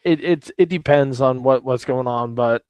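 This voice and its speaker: A man's voice: medium pitch, moderate pace, a little mellow, no room sound, poor audio. A man on a casual podcast panel, rambling and restarting his sentences. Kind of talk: casual chat.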